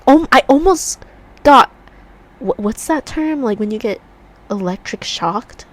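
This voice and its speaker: Lively chatty woman with a stuffy nose. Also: fairly high pitch, a little slow. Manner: chatty, rambling storyteller. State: congested. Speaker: vlogger. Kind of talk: casual chat while doing a puzzle. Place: room at home by a heater.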